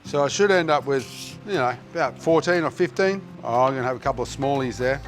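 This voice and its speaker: Wearing a lapel mic on a kitchen set, an Australian cooking show host jokes around in a friendly manner and thinks aloud while he works. He speaks fast and animatedly in a medium-pitched voice, with faint music behind him.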